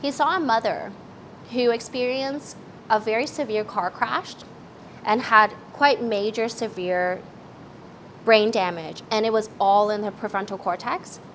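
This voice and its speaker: A woman's voice: a little high, measured pace, fairly bright tone, a little hiss or hum, poor audio. A middle-aged woman giving a parenting workshop talk, explaining simply and asking the listeners to join in.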